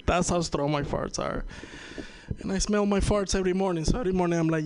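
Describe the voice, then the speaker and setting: A man's voice: a little high, fairly even intonation, normal speed, darkish tone, a little hiss or hum. A young man from Venezuela with a Venezuelan Spanish accent, doing a rambling, profane stand-up set on stage and laughing at his own jokes. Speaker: stand-up comedian. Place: comedy show stage.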